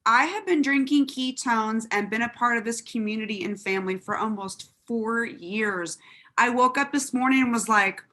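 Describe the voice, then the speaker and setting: A woman, telling her story on a group call in a sassy, animated, self-mocking way. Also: a little high. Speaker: guest sharing testimony. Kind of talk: lively call testimony.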